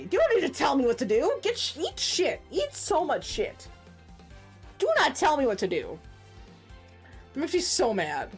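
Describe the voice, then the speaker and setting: A woman in her forties streaming a game, chatting casually and ranting with profane, animated outbursts. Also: high voice, moderate pace, soft background music. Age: 40s. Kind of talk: casual gaming stream chat.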